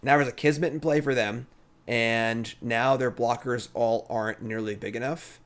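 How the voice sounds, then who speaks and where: A man streaming a digital card game, thinking aloud in a relaxed, chatty commentary. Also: mid-range voice, moderate pace.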